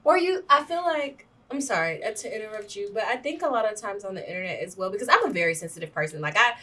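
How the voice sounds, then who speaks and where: A woman's voice: medium pitch, animated, fast talker, bright, forceful tone, far from the mic. A woman co-hosting a podcast, emphatic and profane, often chiming in over her co-host. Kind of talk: casual chat.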